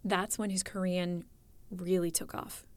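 A woman narrating a documentary story in a scripted, clear and measured way. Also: on the low side, level tone.

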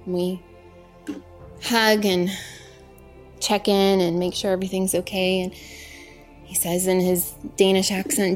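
A woman's voice: medium pitch, flat delivery, a little slow, pauses often. A woman, a former aid worker, telling her own story in vivid first person and mostly in the present tense. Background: faint music.

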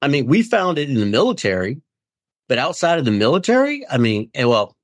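A man's voice: mid-range voice, wildly swooping pitch, a little fast, no echo. Earnest rambling man, dry sound. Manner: earnest, rambling, acts out quoted friends. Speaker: guest in recovery. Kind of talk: candid interview conversation.

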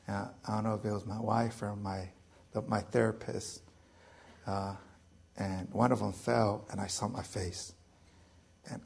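A man in his thirties, a military veteran, telling his personal story in a public lecture, halting, with many fillers, restarts and joking asides. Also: lowish voice, gravelly, a little mellow, breathy edge.

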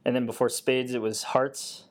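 A man being interviewed on a podcast who answers in an easygoing way, often pausing with fillers. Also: mid-range voice, little pitch movement. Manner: easygoing, hesitant with many fillers. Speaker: guest, Air Force technician.

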